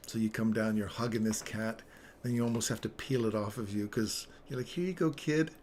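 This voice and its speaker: Low-voiced man telling a casual story. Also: little pitch movement, a little fast, a little mellow, a little hiss or hum. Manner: rambling, laughs between phrases. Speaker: trading live-streamer. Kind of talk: casual storytelling on a live stream.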